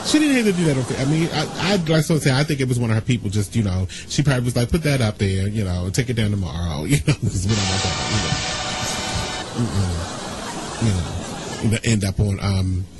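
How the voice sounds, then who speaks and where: A man hosting a casual radio talk show, ranting and gossiping in an animated, indignant way. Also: medium pitch, brisk, over music, rough recording.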